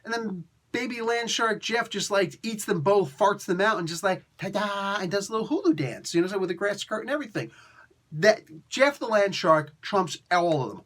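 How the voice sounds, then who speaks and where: Man, comic book reviewer, fairly high voice, excitable rant, slangy, laughs a lot. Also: moderate pace. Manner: excitable ranting with frequent laughs; playful, slangy, mock-outraged.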